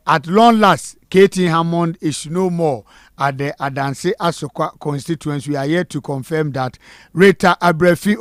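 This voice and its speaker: A man's voice: fairly high pitch, no room sound, clean studio sound. A Ghanaian man hosting live election-night talk, reading out viewers' names and messages and mixing Twi with English. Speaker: host reading viewer comments. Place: studio.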